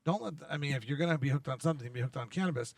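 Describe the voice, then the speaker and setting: A man's voice: medium pitch, very fast, vocal fry, no room sound, far from the mic. A man hosting a casual conference interview, enthusiastic and full of restarts. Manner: enthusiastic, talks over guest, many restarts. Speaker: interview host. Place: conference venue.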